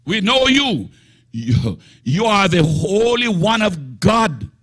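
A man's voice: high-pitched, sing-song, takes it slowly, fairly bright tone, husky, voice pushed up, exaggerated voice. A man voicing a demon-possessed man crying out in defiance, in a raised, taunting voice.

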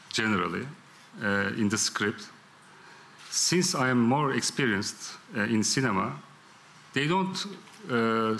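A man with a Turkish accent, a film director answering at a press conference in halting English, full of fillers and laughing often. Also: mid-range voice, gravelly, sharp tone, slight background noise.

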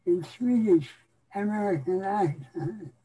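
A man casually telling an old camp prank story over a video call, unhurried and relishing it. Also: sits high, mellow, slightly rough, poor audio.

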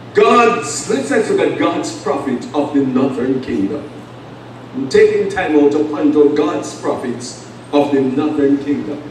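An Antiguan man preaching with a fairly high voice and emphatic, drawn-out delivery. He sounds set back from the mic in a very echoey church, with faint room noise behind him. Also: darkish tone, recorded from a distance. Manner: emphatic preaching with call-and-response and long pauses. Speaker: pastor. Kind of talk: sermon. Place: church sanctuary.

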